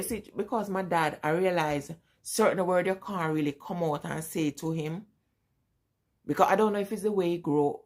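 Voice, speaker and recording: A middle-aged woman with a Jamaican accent telling family stories in a casual vlog, often breaking into laughter. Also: on the low side. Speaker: vlogger. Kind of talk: casual storytelling.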